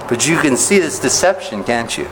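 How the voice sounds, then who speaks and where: A man pastor preaching an expository sermon, talking conversationally with the congregation, often asking rhetorical questions and rising in pitch to stress a point. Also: a little fast, noisy background. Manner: animated rises in pitch when making a point.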